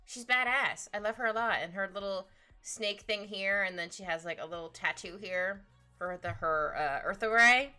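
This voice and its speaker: A woman streaming her drawing session, chatting casually in a rambling, excitable way with frequent laughter. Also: medium pitch, moderate pace, clear, resonant tone. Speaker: art streamer. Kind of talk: casual chat while drawing live. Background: faint background music.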